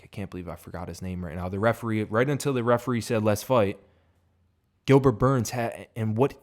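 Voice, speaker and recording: A man's voice: fairly low pitch, darkish tone. A man giving a casual, profane fight reaction, rambling and emphatic. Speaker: MMA reaction host.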